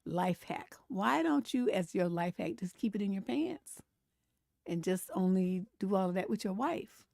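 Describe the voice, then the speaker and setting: A woman hosting a live stream, reading memes and commenting in a sassy, animated way, laughing often and mimicking grumpy voices. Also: medium pitch, a little slow, creaky, no echo, clean studio sound. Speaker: relationship coach and show host.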